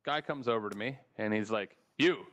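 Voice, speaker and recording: Speaking briskly in a lowish voice, an American-accented man recounts a travel story in casual podcast conversation. He swears freely and animatedly performs the dialogue.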